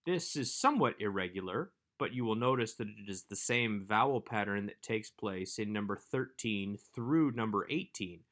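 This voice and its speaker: A man giving a recorded workbook lesson as a Hebrew instructor, explaining grammar in a measured way. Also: lowish voice, animated, fairly bright tone.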